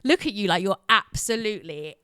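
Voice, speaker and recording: A woman, chatting as a podcast guest, animated and quick to laugh. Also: mid-range voice, clear, resonant tone, no room sound, studio quality. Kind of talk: casual chat. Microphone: podcast microphone.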